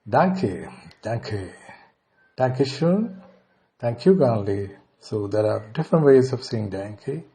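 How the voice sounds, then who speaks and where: Slow Indian man teaching. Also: mid-range voice, animated, dark tone. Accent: Indian English. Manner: repeats each phrase slowly, then translates it. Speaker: language teacher. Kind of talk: slow beginner language lesson.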